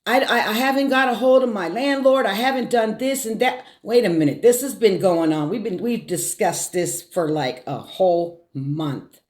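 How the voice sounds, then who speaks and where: A middle-aged woman telling a personal story on her vlog, fighting back tears, halting and repeating words as she speaks. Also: medium pitch, darkish tone. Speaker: vlogger. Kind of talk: emotional story time.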